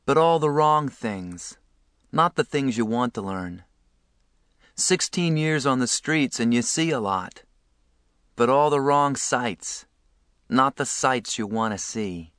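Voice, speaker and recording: A man reads a novel aloud in a measured, earnest manner. His pace is very slow and his pitch sits in the middle. The sound is close and dry. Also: lively intonation, a bit bright, smooth, no room sound. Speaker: narrator. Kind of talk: audiobook reading.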